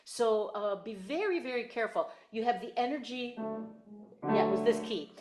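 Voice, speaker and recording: A woman's voice: on the high side, expressive, normal speed, over music. A woman voice teacher giving a singing lesson over a video call, explaining in careful detail and repeating her points.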